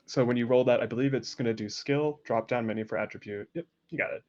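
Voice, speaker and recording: A man's voice: mid-range voice, quick pace, darkish tone. A man running a tabletop game as game master, prompting the players with easygoing questions. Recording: dull lo-fi mic.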